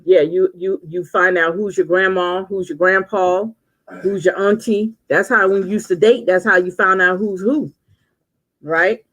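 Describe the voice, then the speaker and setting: A woman in her sixties chatting and laughing on a casual livestream, telling stories with drawn-out exclamations. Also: medium pitch, steady tone, a bit bright, poor audio. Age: 60s. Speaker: livestream host.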